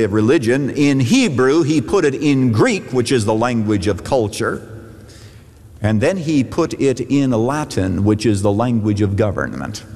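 Emphatic male pastor preaching in a hall. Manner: emphatic preaching with sweeping rises and drops in pitch. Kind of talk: sermon. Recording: long hall reverb.

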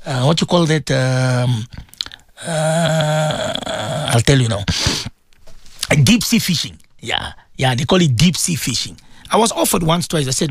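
Male religious radio host, chatty and rambling, a bit high-pitched, dry studio mic. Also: moderate pace, dry recording. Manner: rambling, repeats words, sudden pitch jumps. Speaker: radio host and Muslim cleric. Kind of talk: casual radio talk.

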